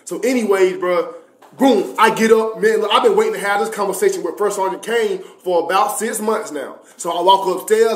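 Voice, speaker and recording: High-voiced young man telling a story. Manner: loose, profane, slang-heavy, rambling. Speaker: streamer. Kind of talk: casual livestream storytelling. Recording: echoey room.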